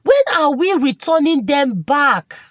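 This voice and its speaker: A woman doing a shrill, bitter young wife. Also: very animated, measured pace, no echo. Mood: whining. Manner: shrill, scolding and whiny. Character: bitter newlywed woman, cruel to nieces.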